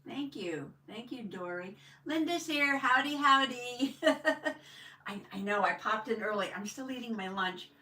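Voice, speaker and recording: Bright, chatty older woman in an echoey room. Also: medium pitch, expressive, moderate pace, few pauses. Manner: chatty, greets viewers with "howdy", frequent laughs. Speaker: host of a live journaling stream. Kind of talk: casual live-stream chat. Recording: echoey room, mic at a distance.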